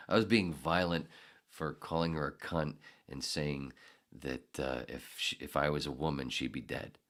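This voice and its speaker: A man hosting his own podcast, telling a story in a casual, profane and sarcastic way, acting out loud outbursts. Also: very deep voice, takes it slowly. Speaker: podcast host.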